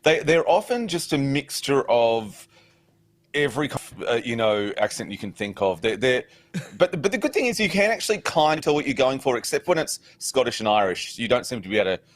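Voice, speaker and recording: Wry, animated co-host. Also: male voice, mid-range voice, fairly quick. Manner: wry, good-natured ribbing. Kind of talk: casual chat.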